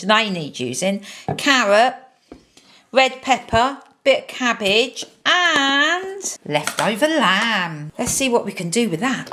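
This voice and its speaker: A woman's voice: on the high side, fairly bright tone. Woman, vlog, upbeat, chatty, talks to camera. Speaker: vlogger. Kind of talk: casual vlog narration.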